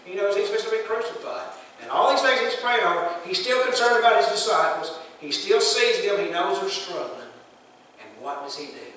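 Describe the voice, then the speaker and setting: A man's voice: high-pitched, expressive, brisk, pushed and bright, slight background noise. A man preaching a sermon, talking plainly and putting questions to the congregation. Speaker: pastor. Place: church sanctuary. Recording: echoey hall recording from a distance.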